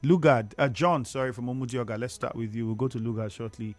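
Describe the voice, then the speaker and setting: Emphatic Nigerian radio host. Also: male voice, medium pitch, quick pace, no room sound, soft background music. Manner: lecturing, emphatic, repeats words for emphasis. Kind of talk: radio talk show, reading listener comments. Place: radio studio. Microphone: studio microphone.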